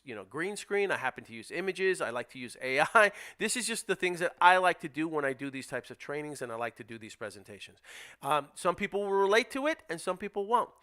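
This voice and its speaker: A man teaching real estate wholesaling, emphatic and direct, acting out lines to sellers. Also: sharp tone. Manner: emphatic, role-plays seller scripts with dropping pitch. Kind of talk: instructional presentation.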